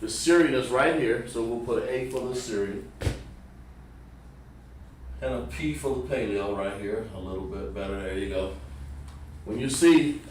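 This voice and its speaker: A man with a Southern American accent teaching pronunciation on a livestream, halting and repeating words as he sounds out syllables slowly. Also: medium pitch, slight background noise. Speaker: religious language teacher. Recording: roomy sound from a distant mic.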